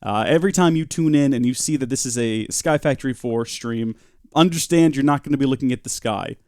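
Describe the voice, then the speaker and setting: A man's voice: mid-range voice, fairly quick, darkish tone, dry recording. Young male game streamer, dry close mic, chatty and self-mocking. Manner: chatty, self-mocking, answers chat as he plays. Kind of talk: casual live-stream commentary while playing.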